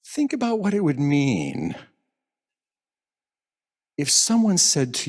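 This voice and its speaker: A man preaching a sermon at a church service, gentle and reflective, lingering over quoted phrases. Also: on the high side, wildly swooping pitch, takes it slowly, long pauses. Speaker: minister. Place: church sanctuary.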